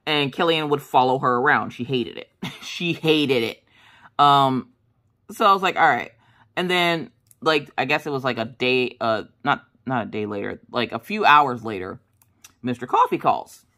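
A woman's voice: rumbling low, moderate pace. A woman craft vlogger chatting casually as she tells a story, acting out the voices in her quotes. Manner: animated, acts out voices in quotes; chatty, with many fillers and asides.

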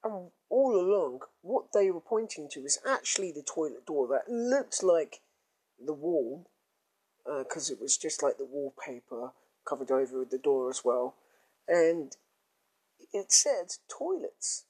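A man's voice: on the high side, animated, warm tone, husky. A man telling a crude comic story in a casual, rambling way. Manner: rambling, crude, drawn-out groans.

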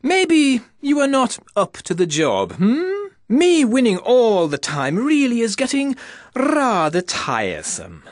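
An actor playing a sly male snake lord for a video game, with an oily, mocking, drawn-out delivery. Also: mid-range voice, huge pitch swings, dry recording, clean studio sound. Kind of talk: video game villain voice acting.

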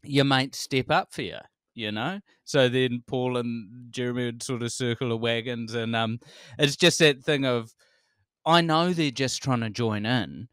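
A man in his forties with a New Zealand accent, a comedian telling stories as a podcast guest, animated, laughing often and swearing freely. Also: medium pitch, unhurried, clean tone, no echo, studio quality. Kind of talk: casual conversation.

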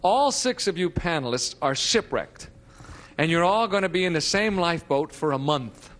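A man's voice: a little high, expressive, moderate pace, a bit bright. A man in his thirties hosting a 1970s TV game show, bouncy and chatty, laughing often. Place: TV studio with audience. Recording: noisy 1970s TV audio, studio audience.

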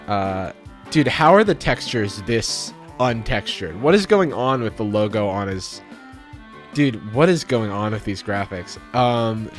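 A man hosting a live gameplay stream, talking in a loose, jokey way full of fillers. His pitch moves about lively as he reacts. Soft game music plays underneath. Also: measured pace. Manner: chatty and jokey, lots of fillers. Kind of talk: casual gameplay commentary.

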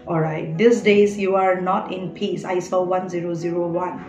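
Woman tarot reader, coaxing and earnest, echoey room with soft music behind. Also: fairly low pitch, flat delivery, moderate pace, lo-fi sound. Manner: earnest, coaxing, keeps adding "all right?". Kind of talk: spiritual tarot reading to camera.

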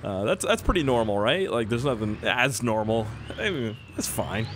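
Excitable young man with a cold. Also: medium pitch, moderate pace, a little hiss or hum. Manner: rambling, excitable, jokey. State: has a cold, coughing. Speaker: gaming video host. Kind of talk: casual gameplay commentary.

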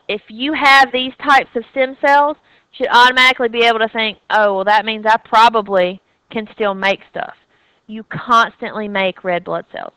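A woman's voice: fairly high pitch, fairly bright tone, smooth, no echo, low-quality recording. A woman with a Southern US accent giving an anatomy and physiology lecture, chatty and checking in with students with a frequent "okay?". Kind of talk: recorded classroom lecture.

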